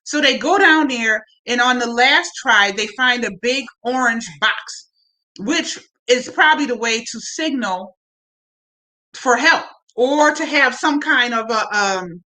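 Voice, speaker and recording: Chatty bright-voiced woman. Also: on the high side, rough recording. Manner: chatty, animated retelling with asides to viewers. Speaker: show reviewer. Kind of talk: casual recap chat to camera.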